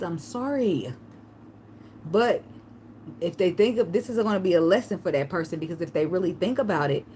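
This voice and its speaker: A woman tarot reader giving casual spiritual advice, telling a personal story and breaking into a high pleading voice to act out begging. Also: a little hiss or hum. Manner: animated storytelling, acts out begging in a high pleading voice, laughs often.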